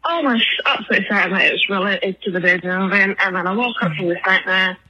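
A woman's voice: mid-range voice, quick pace, pushed and bright, husky, low-quality recording. A woman from England leaving a rambling phone voicemail for a podcast while out of breath from walking her dog. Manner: rambling, lots of ums and likes. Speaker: caller.

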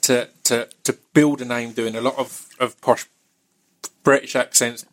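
A man interviews a guest in an easy, conversational way. His questions come out halting, with words repeated as he finds his way. His voice sits at an ordinary middle pitch. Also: little pitch movement, fairly bright tone. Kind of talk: casual interview chat.

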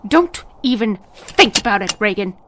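An actress playing an exasperated, protective older sister in an audio drama, scolding firmly. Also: female voice, mid-range voice, expressive, moderate pace, background noise, close to an everyday voice.

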